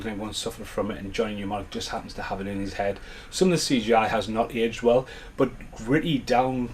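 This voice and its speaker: A man's voice: lowish voice, slight background noise. A man giving a casual, rambling unboxing chat at home as a collector vlogger, with enthusiastic asides.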